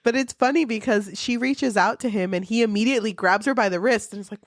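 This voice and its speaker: A woman co-hosting a podcast, chatting playfully about a book with laughs and quick asides. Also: a little high, no room sound, clean studio sound. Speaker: podcast co-host. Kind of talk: casual book chat.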